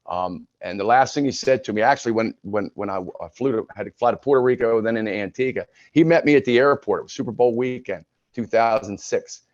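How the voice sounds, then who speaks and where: A man's voice: mid-range voice, fairly quick, hardly any pauses, no room sound. A man in his sixties, a retired sports broadcaster, frankly telling his own story as a podcast guest. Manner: frank, conversational, with many restarts. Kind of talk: candid personal storytelling. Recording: dull lo-fi recording.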